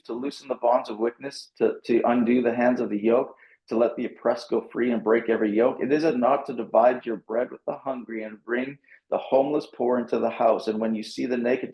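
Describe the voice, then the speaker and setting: A man's voice: medium pitch, darkish tone, roomy sound, poor audio. A man, a pastor and author, animatedly telling a story and reading scripture aloud, acting out his own reactions with a self-mocking humor.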